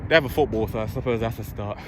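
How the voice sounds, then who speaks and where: This fitness vlogger has a lowish, slightly bright voice and talks in a rapid-fire way. He's a young man chatting bluntly to his handheld or propped-up camera on an outdoor park court, swearing freely. Traffic and city ambience run behind him.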